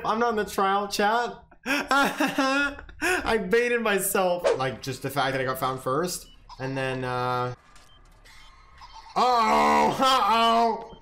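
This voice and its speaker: A young man streaming a video game, swearing, shouting and laughing as he reacts to the match. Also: sits high, slight background noise. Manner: profane, excitable, yells and laughs at the game. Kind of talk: live gameplay commentary.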